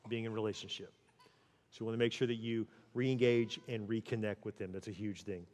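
A male pastor giving a conversational sermon on marriage. Now and then he goes quiet and soft to act out what a spouse might say. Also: on the low side, fairly even intonation, brisk, in a large hall, slight background noise.

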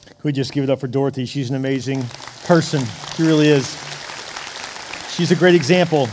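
A male pastor giving an earnest sermon to his congregation, moving from a quiet interview into rousing exhortation. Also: mid-range voice, flat delivery, brisk, crowd noise. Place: church auditorium. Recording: large hall reverb, soft music.

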